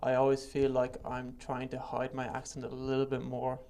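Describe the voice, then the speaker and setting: Irish man, podcast guest, relaxed and even, slight gravel in the voice. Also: medium pitch, moderate pace. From Ireland. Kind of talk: casual podcast chat. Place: small office studio.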